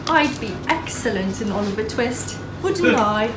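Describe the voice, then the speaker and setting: A woman's voice: a little high, expressive, unhurried, music in the background, rough recording. A woman vlogging at home in a casual chat, talking to her dog in affectionate baby talk. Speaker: vlog host and dog owner.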